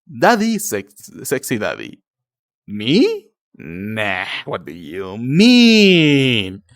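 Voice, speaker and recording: A young Mexican livestreamer, a native Spanish speaker with a Mexican Spanish accent, chats casually with his viewers, rambling with lots of fillers and calling them darling. His voice is fairly high-pitched, and the sound is clean studio quality with no echo.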